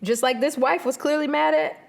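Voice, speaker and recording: A woman's voice: high-pitched, a little fast, gravelly. Brash woman podcast co-host. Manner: candid, profane, laughing banter. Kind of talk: casual chat. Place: hot room, recorded on camera.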